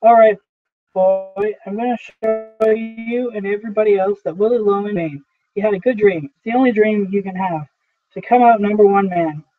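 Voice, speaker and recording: Guy doing a stubborn young son, defiant, insistent, high-ish voice, phone-like audio. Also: moderate pace, over music, natural voice.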